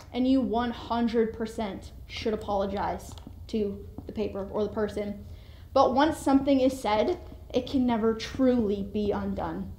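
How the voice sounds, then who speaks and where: Lively woman preaching, roomy echo. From Canada. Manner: animated, acts out quoted voices with sudden jumps in pitch and volume. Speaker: speaker giving a devotional talk. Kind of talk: sermon-like motivational talk.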